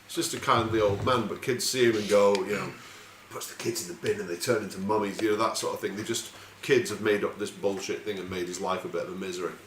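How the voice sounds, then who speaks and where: Casting: low-voiced man as a chatty game master, in an echoey room with faint hiss. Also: fairly even intonation, fast, few pauses, fairly bright tone. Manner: rambling, casual, swearing freely. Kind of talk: narrating a tabletop game.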